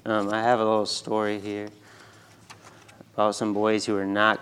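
A man giving a children's sermon in a low, smooth voice. He speaks simply and gently, hesitating now and then, with little rise and fall in his pitch. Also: completely flat delivery, normal speed, pauses often.

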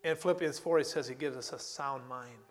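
A man preaching a sermon, earnest and repetitive, slowing down and repeating key phrases for emphasis. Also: mid-range voice.

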